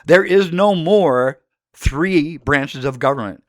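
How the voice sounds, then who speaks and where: A man's voice: fairly high pitch, takes it slowly, no echo, clean studio sound. A middle-aged man from the United States delivering an angry, emphatic political monologue that speaks directly to the listener. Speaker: political commentator.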